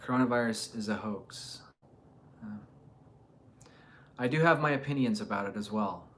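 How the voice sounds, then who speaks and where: A man who grew up in Jordan and Palestine, chatting casually as he explains the Quran. He pauses often, restarts his sentences and fills gaps with "um" and "uh" while he thinks aloud. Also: fairly low pitch, fairly bright tone, slight background noise. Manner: hesitant, thinks aloud with many fillers and restarts. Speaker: religious channel host. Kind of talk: casual live chat and Quran commentary.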